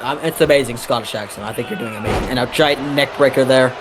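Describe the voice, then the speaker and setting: A man giving excited play-by-play commentary on a wrestling match, calling moves quickly and shouting on near falls. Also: medium pitch, noisy background.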